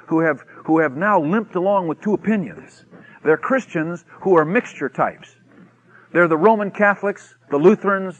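Animated high-voiced male preacher. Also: dull audio. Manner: animated storytelling, acts out quotes with shouts and mock whispers. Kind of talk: sermon.

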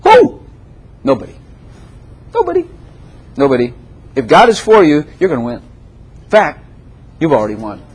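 An older man preaching a sermon as a pastor, emphatic and repetitive, swinging between loud declarations and softer asides. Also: medium pitch, sing-song, fairly quick, long pauses, a little hiss or hum.

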